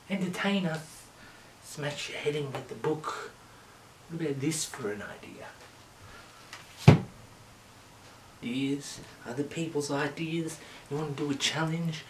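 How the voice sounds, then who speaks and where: A man vlogging in a manic, profane comedic rant, swinging between shouting and muttering. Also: a little high. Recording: echoey room, distant mic, noisy.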